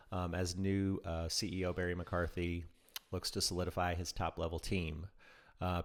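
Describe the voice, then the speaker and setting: A man co-hosting a casual news podcast, reading news with frequent ums and restarts. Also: low-pitched. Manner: halting, many ums and restarts. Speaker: podcast co-host.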